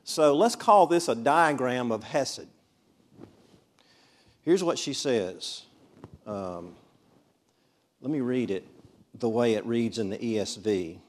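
A man's voice: medium pitch, slow pace, pauses often. Guy from mississippi teaching bible study, normal mid voice, chatty, keeps asking the class stuff. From Mississippi, USA. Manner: conversational, asks the class frequent questions. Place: classroom with a board.

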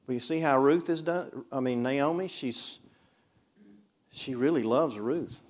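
A man's voice: mid-range voice, unhurried. Guy from mississippi teaching bible study, normal mid voice, chatty, keeps asking the class stuff. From Mississippi, USA. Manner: conversational, asks the class frequent questions. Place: classroom with a board.

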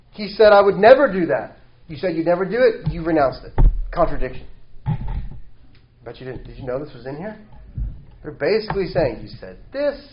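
A man preaching a sermon, reading scripture slowly and forcefully and then explaining it in a conversational way. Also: fairly high pitch, a little hiss or hum. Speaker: pastor. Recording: dull, lo-fi sound.

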